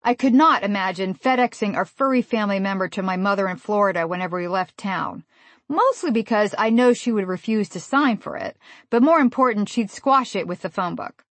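A woman in her forties from the USA reads her own humorous memoir aloud. Her delivery is wry and deadpan, at a mid pitch. The recording is dry and close, with no room sound. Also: a little fast, no echo. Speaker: author narrating a memoir. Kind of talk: humorous audiobook narration.

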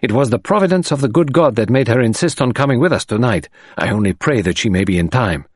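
A man voicing a fastidious elderly detective who speaks in a clipped, formal way with French touches. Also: mid-range voice, expressive, husky, dry recording. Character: fastidious elderly male detective, polite and sharp.

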